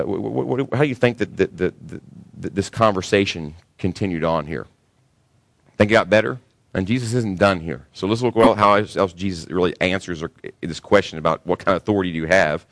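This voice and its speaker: Male pastor, lowish voice, animated sermon delivery, dry close recording. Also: no room sound. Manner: animated preaching that rises high when voicing others.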